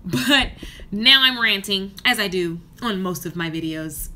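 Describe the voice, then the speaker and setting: A woman in her thirties talks straight to camera from a hotel room with a bright, forceful voice. She rants in a fired-up, passionate way, like a coach pushing her viewers. A faint hum sits under her. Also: mid-range voice, lively intonation, unhurried. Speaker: hair stylist and business coach. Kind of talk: casual vlog rant to camera.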